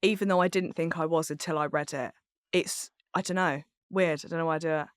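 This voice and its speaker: A woman's voice: low voice, fairly even intonation, brisk, clear, resonant tone, dry recording. A woman, chatting candidly as a podcast guest in a studio, rambling with fillers. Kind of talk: casual chat.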